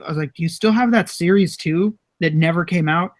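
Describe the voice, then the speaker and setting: A man's voice: fairly high pitch, fast. A young man co-hosting a casual podcast, telling rambling stories and swearing freely. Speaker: podcast co-host.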